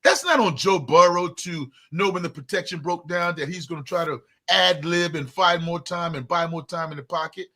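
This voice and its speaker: A man's voice: on the high side, moderate pace, few pauses, sharp tone. A man co-hosting a sports talk show, arguing emphatically and repeating words as he gets going. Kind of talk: casual sports debate.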